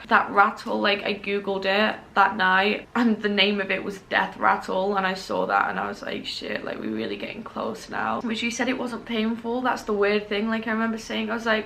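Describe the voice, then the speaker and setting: Tearful young woman with vocal fry. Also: medium pitch, slight background noise, low-quality recording. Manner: soft, halting, tearful, heavy use of "like". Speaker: vlogger. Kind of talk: emotional personal storytelling. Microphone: camera.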